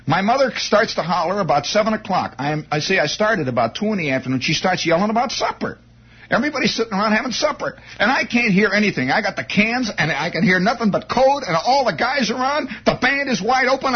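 Excitable, high, husky male storyteller. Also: fairly quick, highs cut off. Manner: excitable, stammering restarts, breathless build-up. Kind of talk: comic first-person anecdote.

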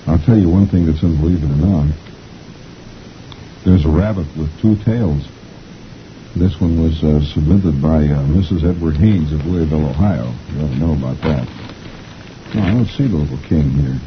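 A man's voice: very deep voice, moderate pace, long pauses, dull audio, slight background noise. A middle-aged man hosting a chatty reading of the comics, folksy and rambling, chuckling often. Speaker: host reading the comics aloud.

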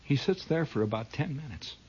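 A man's voice: mid-range voice, expressive, a little fast, a little mellow, a little hiss or hum. A man telling a comic story as a dramatic monologue, adding his own sound effects, on a dull lo-fi recording. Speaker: comedian.

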